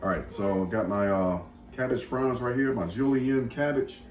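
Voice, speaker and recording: A man's voice: mid-range voice, normal speed, darkish tone, faint music behind. A man hosting a casual cooking demonstration in a kitchen, folksy and chatty, talking straight to his viewers. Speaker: cooking show host.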